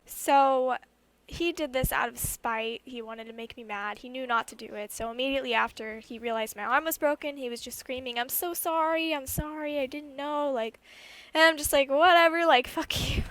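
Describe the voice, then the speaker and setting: Young woman, vlogger, fairly high voice, chatty, lots of fillers, swears. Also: a bit bright. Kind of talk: casual storytime while gaming.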